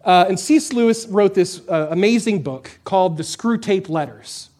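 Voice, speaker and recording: A pastor preaching a conversational, emphatic sermon in a church, putting questions to the congregation. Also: male voice, high-pitched, moderate pace, a little mellow.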